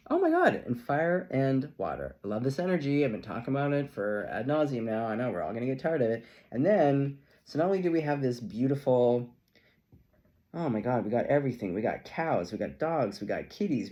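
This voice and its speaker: A middle-aged man talks viewers through a tarot spread in a loose, chatty way. His pitch is animated and swings widely, and he keeps slipping into playful asides and little laughs. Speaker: tarot reader. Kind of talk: casual tarot reading to camera.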